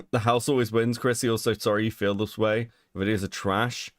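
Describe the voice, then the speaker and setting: A man's voice: lowish voice, a little fast, dry recording, clean studio sound. A man co-hosting a podcast in casual chat, talking in an incredulous way and swearing often. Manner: animated, incredulous, swears a lot. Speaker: podcast co-host. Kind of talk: casual chat, reacting to a video.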